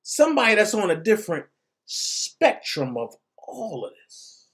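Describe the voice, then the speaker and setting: Animated slangy man, unhurried. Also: sits high. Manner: animated, slangy, reads documents aloud. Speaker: commentary vlogger. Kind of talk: casual commentary.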